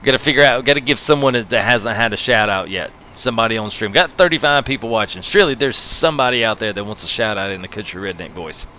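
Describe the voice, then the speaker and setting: Pitched on the low side, this man talks fast with hardly any pauses, sounding animated, pushed and bright over a little hiss or hum. A gaming livestreamer, he's playing a farming game live late at night and chatting casually with his viewers. He stays laid-back, laughing a lot and ending many phrases with "man."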